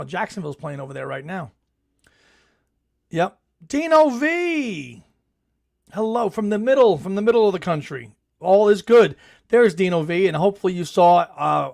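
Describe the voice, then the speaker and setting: Man, middle-aged, podcast host, chatty, high-pitched, gravelly. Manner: chatty, laughs often, enthusiastic sports cheering. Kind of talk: live chat reading viewer comments.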